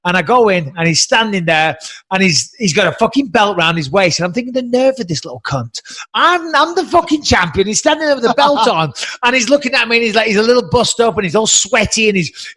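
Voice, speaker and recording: A man's voice: sits high, fast talker, bright, forceful tone. A middle-aged man hosting an interview, telling stories and joking with swearing banter. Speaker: podcast host and commentator. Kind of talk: casual interview chat.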